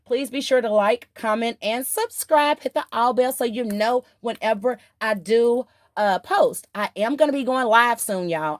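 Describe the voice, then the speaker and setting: A woman giving a tarot reading to her camera, fairly high-pitched and bubbling over with excitement. She talks in quick, animated bursts. Her voice comes through dry and close. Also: no echo. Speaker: tarot reader.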